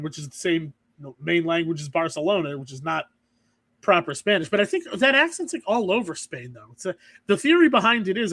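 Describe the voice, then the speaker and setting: A man's voice: high voice, a bit bright, no room sound. A man co-hosting a podcast in casual chat, rambling and restarting his sentences often. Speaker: podcast co-host.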